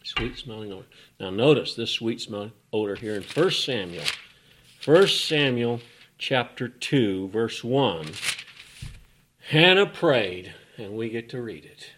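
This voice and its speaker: A man preaching a sermon who reads scripture aloud and swings from loud, emphatic lines to hushed whispers. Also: medium pitch, animated, a little hiss or hum. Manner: slow, drawn-out delivery with scripture readings.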